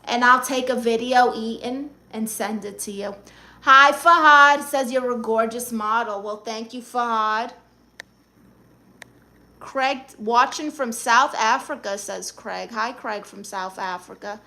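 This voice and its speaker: With a very high-pitched, heavily acted voice and a slightly slow delivery, a man portrays a flirty, sassy middle-aged aunt with a Spanish accent. He runs a live-stream comedy chat, brassy, teasing and dramatic, greeting fans with warmth.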